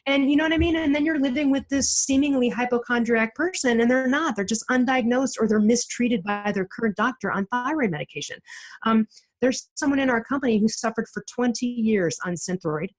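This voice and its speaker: A middle-aged woman, a guest author on a podcast, telling her story in an animated, emphatic way with many restarts. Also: fairly high pitch, brisk, poor audio. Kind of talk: casual interview chat.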